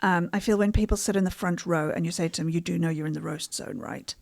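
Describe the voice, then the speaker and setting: A woman stand-up comedian from Africa chats as a podcast guest, telling stories with deadpan asides. Her voice sits low with a gravelly fry. The sound is close and dry. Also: fast, no echo. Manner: deadpan, cheeky storytelling with asides. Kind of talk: casual podcast chat, storytelling.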